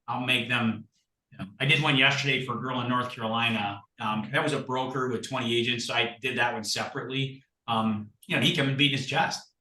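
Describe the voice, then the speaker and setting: A man guest in casual chat, telling stories in an animated, blunt and salty way. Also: medium pitch, a little fast. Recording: roomy sound from far off the mic.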